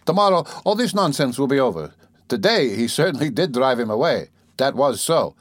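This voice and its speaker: A man voicing a tipsy, loyal young man who speaks loudly and boisterously. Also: mid-range voice, sing-song, a little fast, no echo, voice pushed up. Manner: loud, tipsy.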